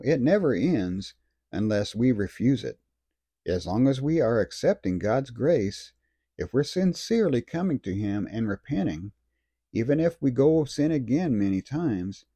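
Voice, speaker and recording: A man preaching with a dark, husky voice that rises and falls with lively pitch. He talks earnestly and slows down to stress key words. The recording is dry and close. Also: no room sound. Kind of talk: sermon.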